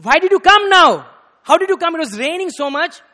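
Stern old guru as a preacher puts him on, sharp and loud, high-pitched, in a reverberant hall. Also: male voice, big pitch swings, brisk, heavily acted. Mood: scolding. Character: stern elderly male guru, scolding.

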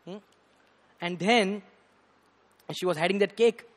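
A man preaching a storytelling sermon, animated and rising to loud bursts, often saying "you know". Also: sits high, slow. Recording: reverberant hall.

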